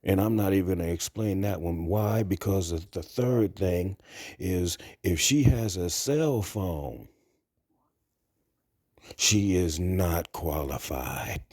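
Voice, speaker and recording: A man's voice: low voice, slow pace, darkish tone, dry recording, clean studio sound. A man talking to camera in a blunt, crude, rambling monologue. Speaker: vlogger. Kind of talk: casual monologue.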